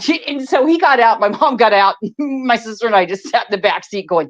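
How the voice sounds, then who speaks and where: A woman's voice: on the high side, expressive, brisk, few pauses. A woman hosting a live stream, telling a story in casual chat with lots of laughing and swearing. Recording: dull lo-fi stream audio.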